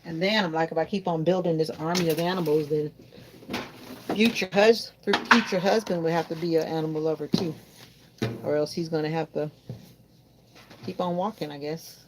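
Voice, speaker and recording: A woman's voice: low voice, fairly even intonation, moderate pace, pauses often, noisy background. A woman chatting casually to her viewers while doing laundry at home, rambling from one thought to the next. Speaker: vlogger. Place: home in Florida.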